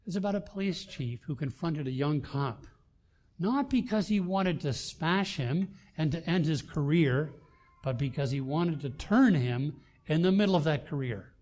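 An older man delivers a sermon with real earnestness. His voice sits a little high for a man, and it swings between forceful emphasis and hushed, personal asides. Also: animated, measured pace. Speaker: pastor.

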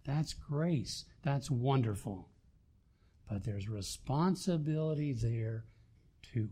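An older man preaching a sermon, swinging between loud emphasis and quiet asides. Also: medium pitch, lively intonation, slow pace, breathy edge. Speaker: pastor.

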